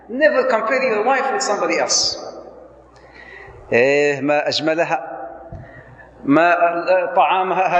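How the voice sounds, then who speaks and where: A man giving a lively marriage lecture to an audience, acting out little dialogues and mixing in Arabic phrases. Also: high voice, big-room sound, poor audio. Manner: animated, acts out dialogue, mixes Arabic phrases, joking. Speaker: Islamic speaker.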